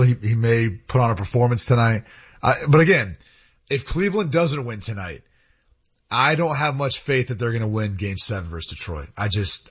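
A man co-hosting a sports talk show, analyzing and gently teasing. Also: medium pitch, slightly rough. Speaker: sports radio co-host. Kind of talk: casual sports radio chat. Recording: slightly dull studio audio.

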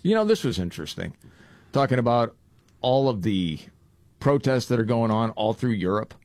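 A man's voice: medium pitch, very animated, normal speed, a little mellow, no echo. A man hosting a radio talk show, chatting casually and laughing easily with his co-hosts.

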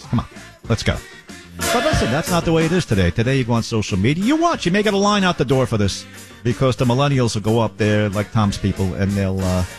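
A man hosting talk radio, blunt and folksy, chatting and reading ads in a casual way. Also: lowish voice. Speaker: radio talk show host. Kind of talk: casual talk radio banter and live ad reads.

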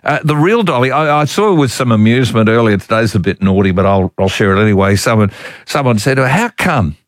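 A man's voice: lowish voice, expressive, quick pace, no room sound. A male morning radio host speaks into a studio microphone, and the sound is close and dry. He chats in a genial, rambling way, with small chuckles between his anecdotes.

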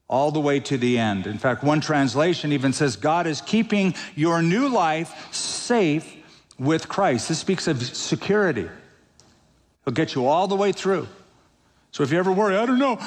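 A man preaching a sermon, emphatic, with slow, deliberate phrases. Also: on the high side. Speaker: pastor. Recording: long reverb of a large hall.

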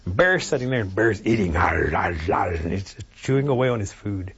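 A man telling a traditional folk tale in an unhurried, animated way, acting out sounds. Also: lowish voice, slightly rough, muffled recording. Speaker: storyteller. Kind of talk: traditional oral storytelling.

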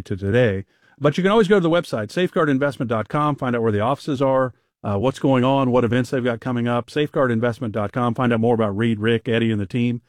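A man in his fifties hosts a radio talk show, keeping things upbeat and chatty at a brisk clip. His voice sits at an ordinary middle pitch. The studio sound is close and dry. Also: darkish tone, no room sound. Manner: upbeat, chatty, fast-talking. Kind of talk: casual radio chat.

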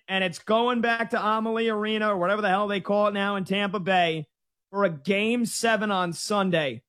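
A high-pitched man is hosting a live sports talk show. He rattles off scores and game times with excited energy, thinking out loud as he goes. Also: normal speed. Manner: excited, rambling updates on scores.

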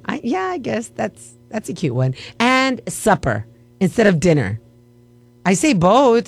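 A woman hosting a radio segment, chatting in a playful, mock-offended way. Her pitch swings widely as she talks, and she laughs often. She sounds like a radio host bantering on air. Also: lively intonation, moderate pace.

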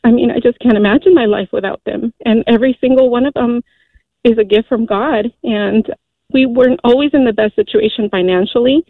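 A middle-aged woman calls in over a tinny phone line, her voice a little high. She speaks earnestly and haltingly, with frequent fillers. The sound is dry and close. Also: no echo. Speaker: caller. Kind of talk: call-in radio testimony.

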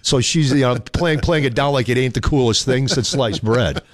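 A man's voice: medium pitch, normal speed. Chatty male radio host. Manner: relaxed, chatty, reads ads off-the-cuff. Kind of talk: casual radio chat.

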